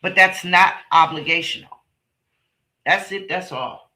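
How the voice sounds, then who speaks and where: A middle-aged woman hosts a live stream in an unhurried, drawn-out way, with a forceful, sharp-edged voice. She talks straight to her chat, blunt and emphatic, hammering her points home with repetition and the odd curse. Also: on the low side. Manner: blunt, emphatic, profane, repeats phrases; talks directly to chat viewers by name. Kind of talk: casual livestream chat with viewers.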